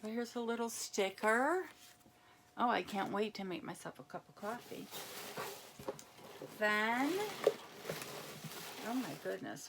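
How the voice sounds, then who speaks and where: A woman chatting casually as she unboxes a gift package, reading labels aloud and reacting with excitement. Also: medium pitch, takes it slowly, creaky, pauses often, background noise. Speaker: unboxing vlogger. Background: crinkling packaging.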